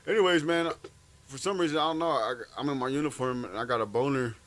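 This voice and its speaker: A man's voice: medium pitch, fast talker, fairly bright tone, poor audio. A man, an army veteran, telling stories in a profane, rambling, laughing way in casual chat.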